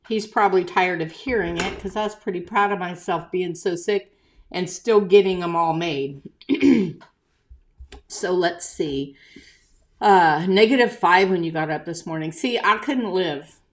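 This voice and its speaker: Slow, chatty older woman on a live stream. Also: lowish voice. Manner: chatty, reads out viewer comments and greets them by name. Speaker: craft shop owner hosting a live stream. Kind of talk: casual live-stream chat.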